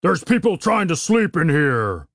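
Brief: a man playing a gruff bald innkeeper, raspy, lively swings in pitch, booming and coarse. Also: a little slow, dry recording, studio quality, exaggerated voice. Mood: indignant. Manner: booming, coarse dialect grammar. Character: large bald gruff male innkeeper, rough-spoken.

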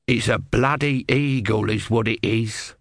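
A man's voice: mid-range voice, expressive, slow pace, vocal fry, a bit bright, no room sound, clean studio sound, exaggerated voice. A man voicing a resigned, grumbling old male tortoise god who mutters sardonic remarks in a dull voice.

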